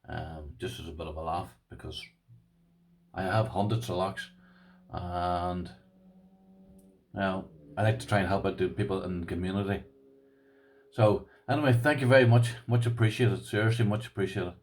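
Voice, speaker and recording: A man with an Irish accent and a somewhat low voice talks casually to his viewers. He rambles with restarts and sounds chatty and appreciative as he looks over padlocks. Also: fairly even intonation, normal speed, long pauses. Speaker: lock-picking vlogger. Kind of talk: casual unboxing chat.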